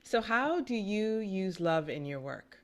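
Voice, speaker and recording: A woman's voice: mid-range voice, sing-song, unhurried. A woman hosting an interview, asking curious questions and affirming her guest. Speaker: podcast host.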